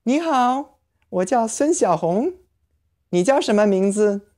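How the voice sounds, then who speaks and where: Tiny cheerful stuffed bunny, super squeaky and high, chirpy little puppet skit voice, host doing it. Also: animated, takes it slowly, a little mellow. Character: cute small stuffed bunny, cheerful and polite.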